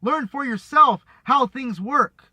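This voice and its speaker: Angry ranting man, high voice. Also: slow pace, pushed and bright, no echo. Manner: heated, profane, repetitive, mocking. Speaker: vlogger.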